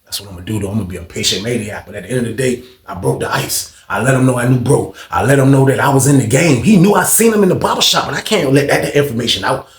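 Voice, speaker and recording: A man's voice: medium pitch, rapid-fire, few pauses, roomy sound. A man telling a casual storytime monologue in slang, acting out both sides of the conversations.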